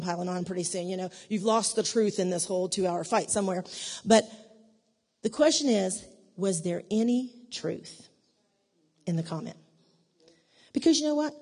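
A woman giving a conversational church teaching in an animated way, acting out the dialogue in her stories. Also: mid-range voice. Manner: animated, acts out quoted dialogue. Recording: long reverb of a large hall.

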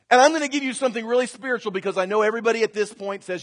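A pastor in his fifties preaching a sermon, moving from easy conversational talk to loud, repeated exhortations. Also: very high-pitched, fairly even intonation, rapid-fire, hardly any pauses, in a large hall. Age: 50s. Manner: builds from conversational to shouted preaching.

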